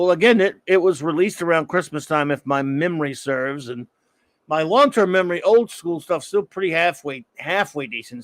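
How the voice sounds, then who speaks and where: A man's voice: fairly high pitch, normal speed, no room sound. A middle-aged man hosting a live stream, rambling and joking as he answers chat comments. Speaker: live-stream show host.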